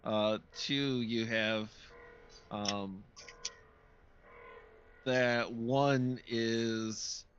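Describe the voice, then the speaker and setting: A man chatting casually on a podcast, slow and hesitant with many fillers. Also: medium pitch, fairly even intonation, fairly bright tone. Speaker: podcast co-host. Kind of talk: casual chat. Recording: lo-fi voice chat with faint noise.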